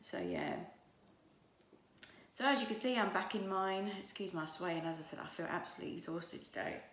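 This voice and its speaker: A woman talks casually to her phone camera, rambling with fillers and often dropping into a breathy half-whisper. Her voice sits a little low, and there is a faint hiss of background noise. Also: moderate pace, fairly bright tone, roomy sound. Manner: half-whispered, breathy asides while walking; chatty and rambling with many fillers. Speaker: vlogger. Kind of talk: casual chatty vlog. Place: outdoors on a road at night, walking uphill; at home indoors. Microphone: phone held at arm's length.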